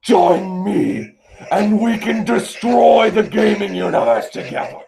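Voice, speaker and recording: A young man doing a comic impression of a grandiose masked male space villain, speaking slowly and booming from behind a mask. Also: vocal fry, mellow, heavily acted. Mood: menacing.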